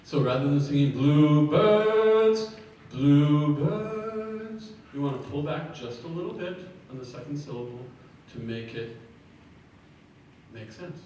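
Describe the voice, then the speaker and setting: A man leading a choir rehearsal, giving brisk feedback on phrasing and breathing, counting the singers in and singing short sample phrases. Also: medium pitch, mellow, lo-fi sound. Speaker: choir clinician. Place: large echoey rehearsal hall. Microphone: room recording from a distance. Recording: echoey hall from far off, faint noise.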